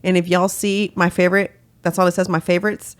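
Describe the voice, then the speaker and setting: A woman co-hosting a casual podcast chat in a studio, chatty and quick to laugh, sometimes reading passages aloud from a book. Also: on the low side, level tone, smooth. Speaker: podcast co-host. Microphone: studio mic.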